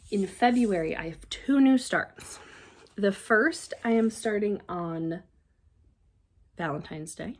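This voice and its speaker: A woman chatting casually as a crafting vlogger, excitable and rambling, often trailing off and restarting. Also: medium pitch. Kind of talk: casual show-and-tell chat.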